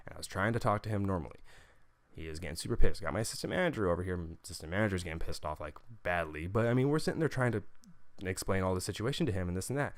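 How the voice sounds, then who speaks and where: A man's voice: low-pitched, expressive, racing, no room sound. A young man venting in a casual, profane rant about a frustrating customer, full of fillers and restarts. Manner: heated, profane storytelling with many fillers. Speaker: vlogger.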